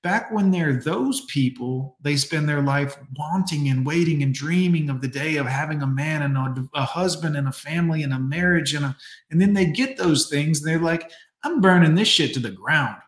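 A man's voice: fairly high pitch, normal speed. Sarcastic man with a roomy echo. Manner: sarcastic, mocking, talks to chat. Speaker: streamer reacting to clips. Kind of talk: casual live-stream commentary.

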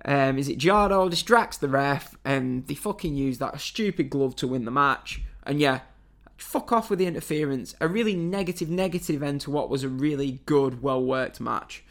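A man's voice: mid-range voice, lively intonation, moderate pace. A man from England giving a blunt, chatty review of wrestling matches, with lots of fillers and some swearing. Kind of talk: casual spoken review.

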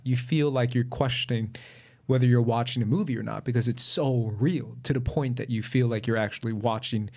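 Man, film podcast co-host, talkative, conversational, inquisitive. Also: mid-range voice. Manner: chatty, asks questions, laughs easily. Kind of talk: casual film review chat.

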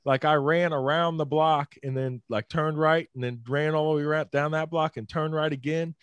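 A man's voice: on the high side, fairly even intonation, normal speed, clean tone, no room sound. Laid-back, foul-mouthed man telling a story. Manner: swears freely, lots of "like" and "dude". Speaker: podcast co-host telling a story. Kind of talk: casual storytelling chat.

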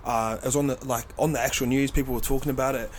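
A man's voice: medium pitch, rapid-fire. A man from New chatting on a podcast, swearing casually and acting out stories. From New Zealand. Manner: swearing, animated retelling of stories. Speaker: podcast guest. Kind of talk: casual chat.

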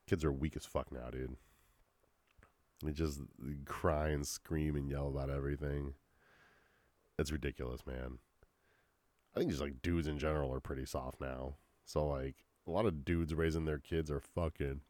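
With a very deep, darkish voice and a steady tone, a young man rants on his solo podcast at normal speed. The dry recording captures his slangy, swear-filled talk, peppered throughout with "dude" and "like."

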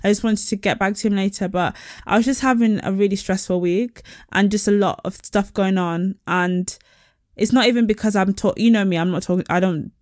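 A young woman co-hosts a chat podcast. She tells stories bluntly and with energy, swearing freely. Her voice sits at a middling pitch and sounds dry and close. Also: fairly quick, no room sound. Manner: animated, blunt storytelling with frank swearing. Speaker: podcast co-host. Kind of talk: casual chat.

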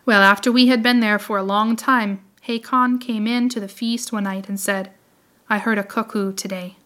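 A woman narrating a storybook tale in a measured, expressive reading voice. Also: on the high side. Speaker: audiobook reader.

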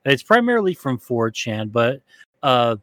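A man's voice: medium pitch, big pitch swings, a little slow, a bit bright, dry recording. Rambling, swearing male podcast co-host. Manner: rambling, profane, many fillers and restarts. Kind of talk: casual chat.

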